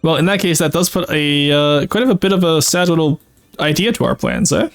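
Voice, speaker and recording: A man's voice: fairly high pitch, a little fast, faint music behind. A man streaming a strategy game, casually thinking aloud and explaining his tactics with frequent "uh"s and self-corrections. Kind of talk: casual live-stream commentary.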